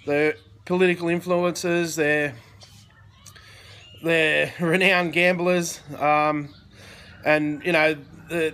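A man's voice: fairly high pitch, a bit bright. A man hosting a casual livestream, chatting loosely and breaking off often to greet viewers by name. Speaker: livestream host. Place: in Thailand.

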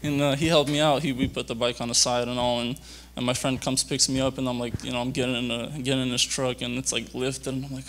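A young man giving a rambling personal testimony at a church youth conference, halting and full of fillers and restarts. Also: mid-range voice, little pitch movement, fairly bright tone. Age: young adult.

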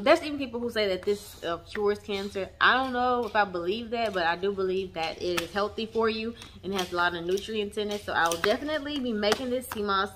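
A young woman chatting to her viewers, warm and emotional, often saying y'all. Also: medium pitch, slight background noise. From Texas. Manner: emotional, near tears at times. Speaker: vlogger. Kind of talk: casual chat. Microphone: camera mic on tripod.

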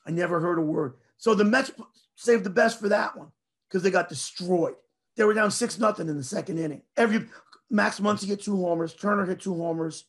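A man hosting a casual sports chat, telling rambling, animated stories. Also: high voice, a little fast. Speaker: show host.

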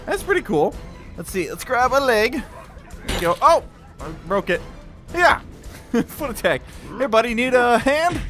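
A young man narrates his VR gameplay with a high, lively voice that leaps up and down. He is playful and excitable, taunting the characters he fights. Faint game music plays quietly behind him. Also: moderate pace, pauses often. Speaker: gaming YouTuber.

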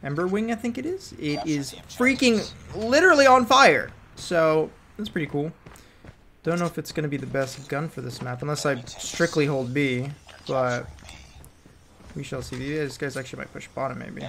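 A young man casually commentating his own mobile shooter gameplay, chatty and excitable, shouting at enemies and muttering to himself. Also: fairly high pitch, normal speed, gravelly. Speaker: mobile gaming channel host. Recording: noisy game audio with gunfire.

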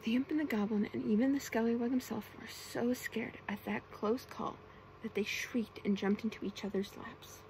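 A woman reading bedtime stories aloud as whispered role-play, in a soft, hushed manner. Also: a little high, steady tone, normal speed, a little hiss or hum, poor audio. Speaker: ASMR storyteller.

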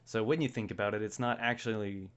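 A man's voice: fairly low pitch, fairly even intonation, fast, a bit bright, smooth. A man hosting a casual gaming podcast, laughing often and reading out listener mail. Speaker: podcast host. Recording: dull lo-fi podcast audio.

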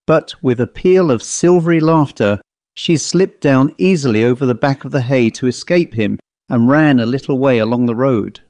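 Male audiobook narrator, mid-pitched, measured ghost-story reading, dry close mic. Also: a little mellow, no echo.

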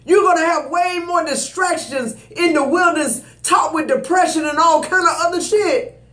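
Preachy tarot reader in a roomy space. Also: male voice, very high voice, moderate pace, sharp tone. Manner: preachy, emphatic, addresses viewers directly. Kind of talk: spiritual tarot reading. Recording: roomy echo.

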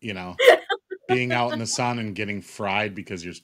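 A middle-aged man with a low voice rambles through a joking story in a casual chat. He talks loosely and swears freely. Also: moderate pace, a bit bright. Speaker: co-host.

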